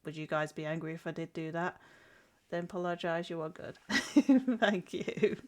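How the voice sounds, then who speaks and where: A woman's voice: low voice, steady tone, moderate pace. Giggly woman with a stuffy nose. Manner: chatty, giggly, answers chat, frequent restarts. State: stuffy-nosed from a cold. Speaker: streamer and artist. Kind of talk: casual live-stream chat while drawing.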